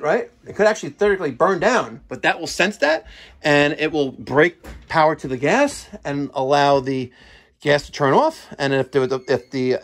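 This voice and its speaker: A man working as a heating technician, explaining a furnace's parts step by step in a chatty on-site walkthrough in a house basement. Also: mid-range voice. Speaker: HVAC technician.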